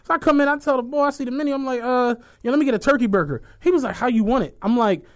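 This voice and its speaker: A man co-hosting a casual podcast, telling lively stories and acting out the people in them. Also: very high voice, racing. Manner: animated storytelling, acts out quoted people, laughs often. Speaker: podcast co-host.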